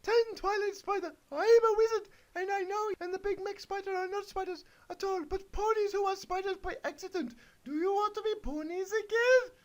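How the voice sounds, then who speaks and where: A man doing a shrill falsetto lady wizard. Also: steady tone. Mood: squeaky. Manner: shrill falsetto, halting sing-song reading. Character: high-voiced female wizard.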